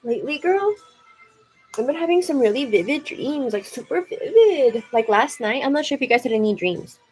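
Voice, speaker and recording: This young woman's voice is high with lively intonation at normal speed as she hosts a casual home makeup livestream. She chats away, addresses viewers as "girl," and uses "like" frequently; soft music runs under her voice, and the recording is low-quality.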